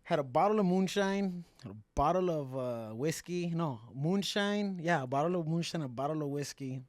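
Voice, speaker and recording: A man's voice: a little high, normal speed, no room sound. Candid man, dry close mic. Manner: mixes English and Spanish, swears freely, animated. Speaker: podcast guest. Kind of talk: casual candid storytelling.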